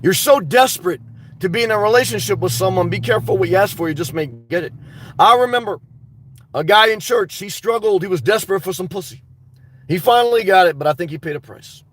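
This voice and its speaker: A man's voice: sits high, animated, a little fast, fairly bright tone, slight background noise. A man hosting a livestream, talking off the cuff as he reads chat, blunt and crude and full of restarts. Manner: rambling and off-the-cuff, with frequent restarts. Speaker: livestream host reading chat. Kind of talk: casual live-chat talk.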